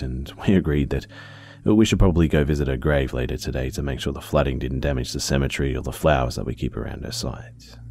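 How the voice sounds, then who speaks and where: A man narrating a first-person story in a steady, measured reading. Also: a bass voice.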